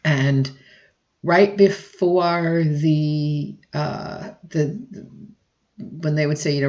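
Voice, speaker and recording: A woman instructor giving a recorded lecture, often clearing her throat and restarting sentences. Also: deep voice, steady tone, drawn-out words, darkish tone, reverberant, muffled recording. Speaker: college instructor.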